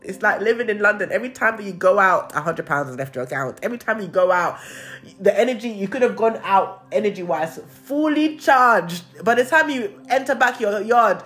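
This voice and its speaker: A young woman venting in a casual monologue, candid and expressive, swearing freely. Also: medium pitch, brisk, faint music behind.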